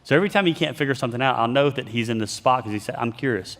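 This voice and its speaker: A man with a medium-pitched, racing voice gives a motivational leadership talk woven with scripture, animatedly telling stories and acting out the people he quotes. His voice trails into a long reverb tail.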